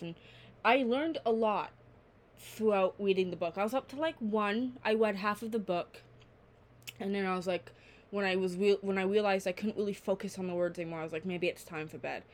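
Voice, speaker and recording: A nineteen-year-old woman hosting her own podcast, chatting alone in a rambling, candid way and swearing freely. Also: mid-range voice. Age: late teens. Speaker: podcast host. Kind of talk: casual solo podcast chat.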